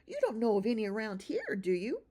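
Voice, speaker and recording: A woman voicing a shy, homeless boy field mouse in a children's storybook reading, quiet and stammering. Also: on the high side, huge pitch swings, brisk. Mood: wistful.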